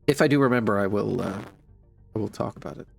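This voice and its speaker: A man's voice: lowish voice, quick pace, creaky, no room sound, soft background music. A congested man streaming a game, chatting casually in a wry, rambling way with many fillers. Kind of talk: casual gameplay commentary.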